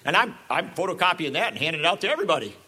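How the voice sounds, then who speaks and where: Male speaker for a public talk, sarcastic and animated, slightly high voice. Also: racing, slightly rough.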